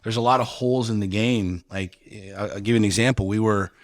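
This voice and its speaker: A man's voice: on the low side, steady tone, brisk, dry recording, clean studio sound. A middle-aged man casually telling a story on a podcast, swearing freely and getting heated when he retells arguments. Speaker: podcast guest.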